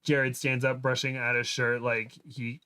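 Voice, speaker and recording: A man's voice: mid-range voice, level tone, measured pace, sharp tone, clear, resonant tone. Man reading fan fiction aloud on a livestream, mid-range voice, casual amused read, guest reader. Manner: amused, breaks into laughter while reading.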